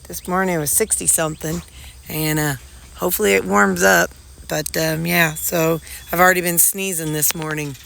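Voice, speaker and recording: A woman's voice: fairly low pitch, steady tone, normal speed, vocal fry, fairly bright tone. A woman chatting casually in a folksy, rambling way, with a stuffy, runny nose. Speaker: weight-loss vlogger. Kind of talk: casual chat. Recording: echoey room, faint noise.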